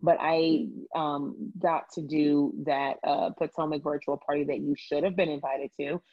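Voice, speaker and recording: A woman's voice: low voice, moderate pace, dull audio. A woman from Maryland hosting a podcast, chatting casually and gossiping with a lot of laughter. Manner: gossipy, animated, laughs often. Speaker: podcast host. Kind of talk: casual chat.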